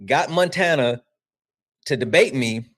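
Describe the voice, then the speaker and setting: Profane, animated male livestream host. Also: medium pitch, a little slow. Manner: profane, animated, laughing often. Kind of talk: casual livestream chat.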